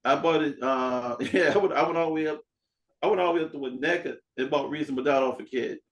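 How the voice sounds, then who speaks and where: A man hosting a podcast in casual chat, an animated storyteller who acts out dialogue and swears freely. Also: on the high side, fast talker, rough recording. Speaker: podcast host.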